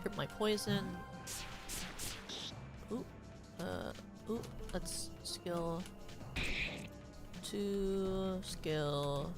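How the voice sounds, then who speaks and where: A young woman comments live on her gameplay, cursing often and breaking into sudden shouts of frustration. Between outbursts she mutters her choices quietly. Her voice sits at an average pitch. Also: drawn-out words, long pauses, music in the background. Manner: foul-mouthed, sudden loud outbursts. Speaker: game streamer.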